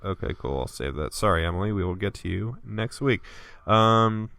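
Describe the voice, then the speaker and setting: Young male podcast co-host, low smooth voice, dry close sound; casual, reads fan mail. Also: expressive, normal speed, a bit bright, no echo. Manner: reads listener mail aloud, laughs often.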